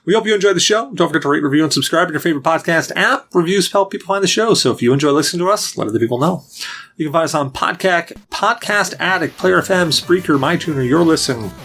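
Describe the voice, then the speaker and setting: A man's voice: on the high side, expressive, fast talker, a bit bright, slightly rough. Casual rambling male podcast host. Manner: loose, rambling, lots of fillers and restarts.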